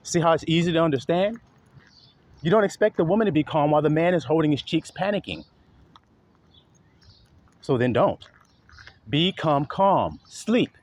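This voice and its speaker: Delivering a sermon, a man throws rhetorical questions at his listeners and acts out exaggerated voices. His delivery is animated, with wide swings in pitch.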